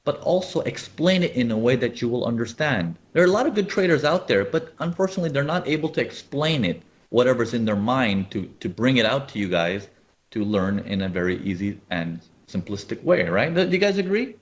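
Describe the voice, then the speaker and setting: A trading educator runs a live webinar, animatedly walking through charts and frequently asking viewers whether they're following. He speaks briskly in a medium-pitched voice.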